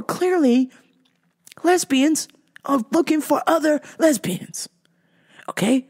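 A woman hosting a podcast, ranting in a heated, profane way that swings between yelling and muttering. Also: high-pitched, slow pace, pauses often. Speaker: podcast host.

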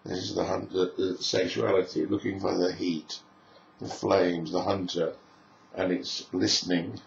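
A man's voice: low voice, level tone, a little slow, vocal fry, a little hiss or hum. A man giving a spoken lecture in a musing way, piling up lists of phrases as he goes. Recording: echoey room, dull lo-fi sound.

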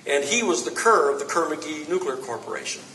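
Guy telling stories at a book talk, kinda high voice, echoey and far off from the mic. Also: brisk, slight background noise. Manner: animated anecdotes, acts out quoted lines. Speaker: author giving a book talk. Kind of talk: storytelling talk to a live audience. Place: bookstore event space. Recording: roomy echo from far off.

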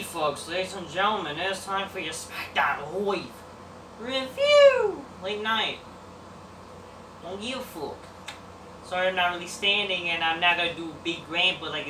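A man giving a casual, rambling, profane review of a wrestling show, dismissive and full of fillers. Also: a little high. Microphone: distant mic. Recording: roomy distant mic with background noise.

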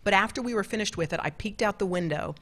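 A middle-aged woman, a television co-anchor, telling stories to an event audience in a lively, laughing, chatty way. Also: mid-range voice, quick pace. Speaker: television co-anchor giving a talk. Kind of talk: storytelling talk with audience Q&A. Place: large club event room.

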